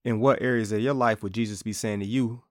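A man's voice: fairly low pitch, fairly even intonation, fast talker, no echo, clean studio sound. Man giving a casual Bible talk. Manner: casual, conversational, acts out quotes playfully. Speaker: podcast host teaching from the Bible. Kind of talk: informal Bible teaching.

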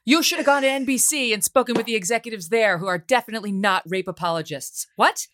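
A woman's voice: a little high, quick pace, a bit bright, no echo. A woman hosting an interview podcast, making sarcastic asides and sharing her own stories. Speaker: podcast host. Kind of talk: casual interview.

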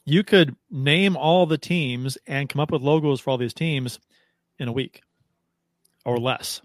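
A man co-hosting a casual hockey podcast, incredulous and quick to laugh, often restarting his sentences. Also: mid-range voice, dry recording, studio quality. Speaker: podcast co-host.

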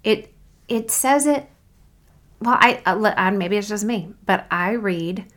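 A woman hosting a faith podcast, speaking in an earnest, reflective and encouraging way, reading scripture slowly and deliberately. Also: medium pitch, fairly bright tone. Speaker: podcast host. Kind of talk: faith podcast devotional talk.

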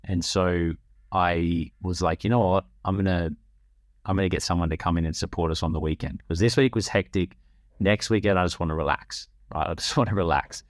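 A man tells a long personal story in a loose, rambling way. He restarts his sentences and acts out the other people in the story. His voice sits very low, and the recording is dry and close. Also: no echo. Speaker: podcast host. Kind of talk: casual storytelling.

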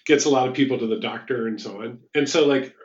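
A man hosting a casual podcast chat, telling stories in an animated way with lots of "like" and restarts. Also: mid-range voice, fast, reverberant, muffled recording. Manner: animated storytelling, frequent "like" and restarts. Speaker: podcast host.

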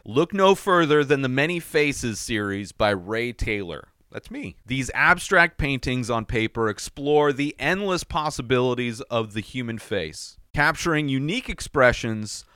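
A man's voice: medium pitch, fairly bright tone, clear, resonant tone, no echo, studio quality. A man, the podcast host, reading an upbeat ad for his own products. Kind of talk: self-promotional ad read.

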